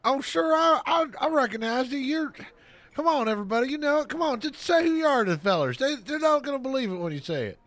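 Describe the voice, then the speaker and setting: A man's voice: extremely high pitch, sing-song, fast talker, fairly bright tone, dry recording. A man playing his character in a tabletop game with a folksy drawl. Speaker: player.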